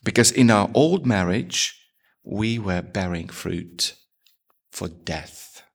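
A man's voice: fairly low pitch, lively intonation, takes it slowly, vocal fry, husky. A man preaching a sermon as pastor, asking his congregation rhetorical questions.

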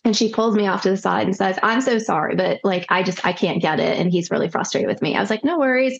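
A woman nurse practitioner telling a story casually, acting out quoted dialogue with lively voices. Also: medium pitch, quick pace, vocal fry, husky, lo-fi sound.

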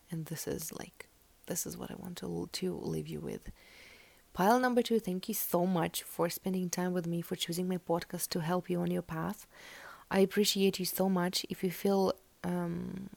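A woman's voice: fairly low pitch, fairly even intonation, moderate pace, no echo. A woman, not an English speaker, giving a casual spoken tarot reading, rambling with fillers and correcting herself, often near a whisper. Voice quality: gravelly, soft near-whispered stretches. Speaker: tarot reader podcast host.

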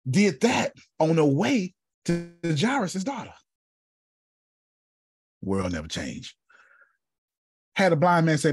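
A man's voice: on the high side, very animated, slow, pauses often, husky. A man telling a story in a preaching style, dramatic, repeating a refrain and calling on listeners by name. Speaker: speaker.

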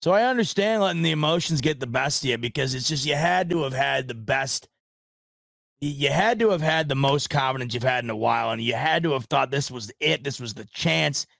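A man's voice: mid-range voice, brisk, gravelly, a bit bright, no echo, clean studio sound. A man hosting a casual sports podcast, rambling in a frustrated, self-deprecating way and swearing now and then. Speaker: podcast host.

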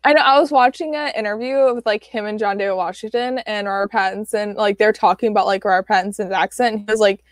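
A woman's voice: medium pitch, fairly even intonation, fast, few pauses, no room sound, studio quality. A young woman co-hosting a podcast in casual chat, bubbly, laughing often and filling her talk with "like". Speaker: podcast co-host.

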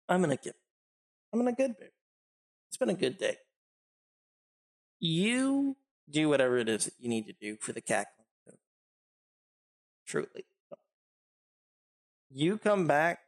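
Large blunt tiefling drummer, talks down to kids, fairly high voice, put on by a game master. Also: male voice, gravelly. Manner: blunt, bargaining, talks down to the party. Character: large gruff male tiefling gang drummer.

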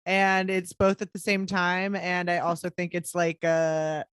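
A woman co-hosting a casual podcast, quick to agree and laughing often. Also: lowish voice, monotone, a bit bright, smooth, no echo, clean studio sound. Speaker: podcast co-host. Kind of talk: casual chat.

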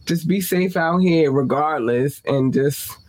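Husky-voiced man hosting a podcast. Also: fairly high pitch, slow. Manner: playful, animated, swears casually, sing-song repeats. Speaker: podcast host. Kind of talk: casual podcast sign-off talk.

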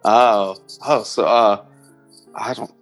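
A man's voice: fairly low pitch, fairly even intonation, slow pace, soft background music, low-quality recording. A playful man chats as a podcast guest, laughing easily. He hedges his guesses with fillers and takes the game in good humor. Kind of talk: casual chat.

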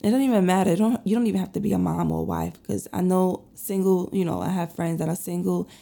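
A woman's voice: on the low side, fairly even intonation, fast talker, vocal fry, dark tone. A woman in her thirties, getting over a cold, chatting candidly to her listeners in a rambling way with many fillers. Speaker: podcast host and lash artist. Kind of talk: casual personal chat to listeners.

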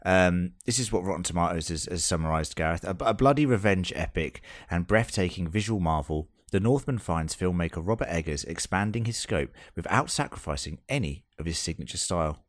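A man's voice: low voice, brisk, hardly any pauses, no room sound, studio quality. A man co-hosting a casual film podcast, swearing and joking through loose banter. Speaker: podcast co-host.

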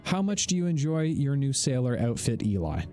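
Chatty man game master, mid pitch. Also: moderate pace, slight background noise. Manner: relaxed, chatty, laughs often. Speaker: game master and show host. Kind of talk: live-streamed tabletop game narration.

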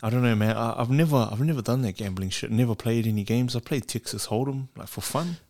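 A man's voice: mid-range voice, fast, a little mellow. A man in a casual chat, giving short, sweary replies.

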